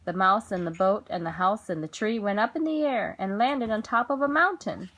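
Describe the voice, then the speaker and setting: A mother reading children's stories aloud at bedtime, gentle and expressive, with a rhythmic delivery. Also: mid-range voice, moderate pace, background noise.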